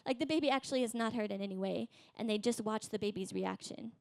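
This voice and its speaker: A woman in her thirties preaching a sermon in a conversational way, tagging her points with a quick "right?" and acting out quoted voices. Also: creaky, dry recording. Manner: acts out voices in quotes, rising high. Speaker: pastor.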